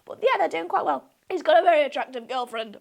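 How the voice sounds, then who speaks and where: A woman's voice: sits high, expressive, fast, creaky. A young woman chatting casually in a vlog, gushing, giggly and self-deprecating. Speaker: vlogger.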